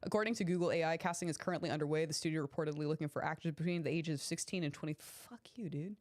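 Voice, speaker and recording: A young woman streamer recovering from illness, chatting excitedly and swearing freely while answering her chat by name. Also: low voice, very fast. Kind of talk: casual live-stream chat.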